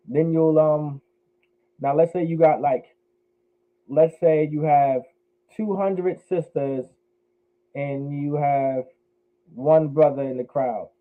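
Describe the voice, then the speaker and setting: A man teaching a language class online, drilling words by repeating them slowly. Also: mid-range voice. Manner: repetitive, drills pronunciation slowly. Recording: phone-like narrow sound.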